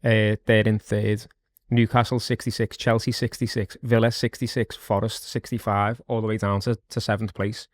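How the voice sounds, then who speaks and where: Man, podcast co-host, matter-of-fact, lowish voice, monotone, dry sound. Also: moderate pace, hardly any pauses, dry recording. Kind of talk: casual football chat.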